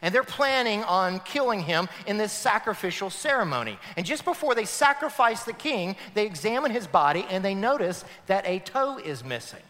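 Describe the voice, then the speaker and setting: A male pastor preaching with lively, swooping emphasis and a high, bright voice. His sermon rings out with a long reverb through a big church hall. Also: moderate pace, hardly any pauses. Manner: animated emphatic preaching, addressing the congregation.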